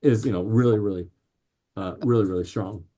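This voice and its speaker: A man talking as a guest on a podcast, telling animated stories with lots of fillers and restarts. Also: fairly low pitch, a little fast. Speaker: podcast guest, drink company founder. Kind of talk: casual interview chat.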